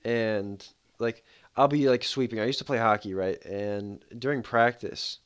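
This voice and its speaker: A man's voice: lowish voice, steady tone, a little slow, clean tone. A man streaming a game, chatting casually in a rambling, laid-back way full of fillers. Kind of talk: casual livestream commentary.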